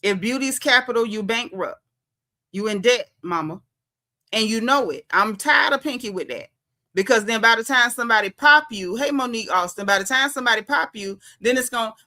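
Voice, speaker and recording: Sassy, bright-voiced woman dishing reality TV. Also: on the high side, moderate pace. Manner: sassy, emphatic, repeats her punchlines; talks straight to viewers as y'all. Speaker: reality TV commentary vlogger. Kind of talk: casual reality TV commentary.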